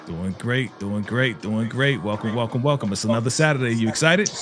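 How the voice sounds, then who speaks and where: A man's voice: mid-range voice, fairly quick, a bit bright. A man hosting a live recap stream who is hyped and repeats his greetings over and over in casual chat.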